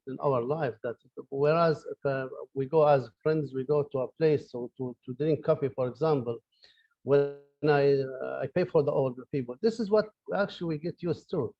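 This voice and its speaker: A man's voice: medium pitch, dry recording. Man, online lecture, hesitant with fillers, dry lo-fi recording. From Libya. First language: Arabic. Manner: hesitant, many fillers and restarts. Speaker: professor lecturing. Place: his office.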